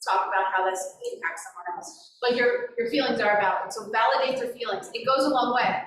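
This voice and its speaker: A woman educator leading a parent seminar, animated and playing out child and parent voices as she talks. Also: a little high, a little fast, a little hiss or hum. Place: school room with an audience. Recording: echoey room, far from the mic, audience present.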